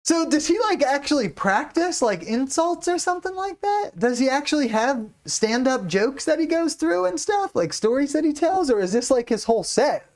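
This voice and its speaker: A man's voice: very high voice, very animated, moderate pace, few pauses. An American man chatting casually as he reacts to a comedy clip, laughing often and saying "like" a lot. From United States. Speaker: reaction video host.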